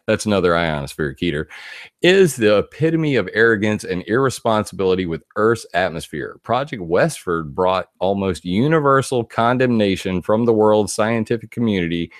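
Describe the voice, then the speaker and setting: A man giving casual commentary on a video, animated and laughing often as he reads quotes aloud. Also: on the low side, moderate pace, no room sound, studio quality. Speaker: video blogger.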